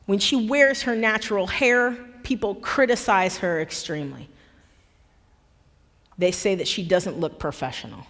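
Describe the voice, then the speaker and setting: A woman giving an impassioned public talk as a guest speaker in a church, emphatic and forceful, repeating words for effect. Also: mid-range voice, a little slow, long reverb tail. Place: church hall.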